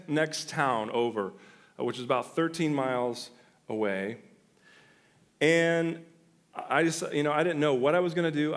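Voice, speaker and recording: A male pastor telling a personal story in a sermon, animated and full of restarts. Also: medium pitch. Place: church sanctuary.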